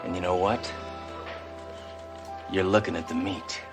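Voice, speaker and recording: A gruff, cocky cop. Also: male voice, sits low, measured pace, loud music behind the voice. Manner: gruff, deadpan, blunt. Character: tough, cocky, dimwitted male cop. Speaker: police detective.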